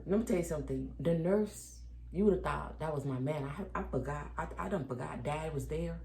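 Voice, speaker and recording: A woman chats with her viewers about the birth of her baby, animatedly acting out every exchange. Her creaky voice sits low and moves a little fast. Faint background noise carries through an echoey room.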